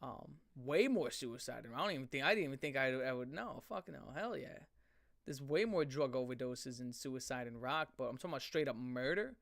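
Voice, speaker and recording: A man's voice: mid-range voice, animated, brisk, creaky, fairly bright tone, dry recording, studio quality. A man ranting on a live stream, rambling and swearing heavily, often restarting his sentences. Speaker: streamer reacting to chat. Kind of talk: profane live-stream rant.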